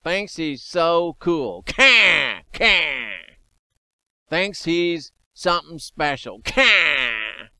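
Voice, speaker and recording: A man's voice: on the high side, very animated, extremely slow, bright, forceful tone, no room sound, studio quality, voice pushed up, full character voice. A man voicing a flock of petty, scornful crows that taunt and squawk caw between jeers. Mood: mocking.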